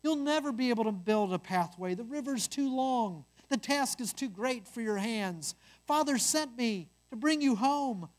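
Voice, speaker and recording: A calm, patient firstborn son sent to bring his brothers home, voiced by a storyteller. He speaks steadily, close to the narrator's own voice. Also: medium pitch, normal speed, pitched above the performer's own voice, natural voice.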